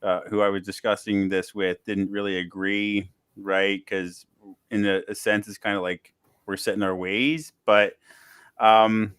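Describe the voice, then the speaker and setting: A man's voice: on the low side, level tone, a bit bright, clean tone, no room sound. A man hosting a casual podcast chat, who stumbles and repeats words before finding his point. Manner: halting, repeats words before getting going.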